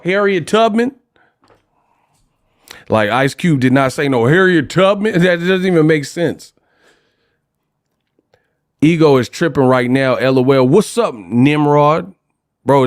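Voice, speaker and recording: A man from California hosting a livestream, ranting casually in an animated, slangy, joking way. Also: a little high. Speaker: host.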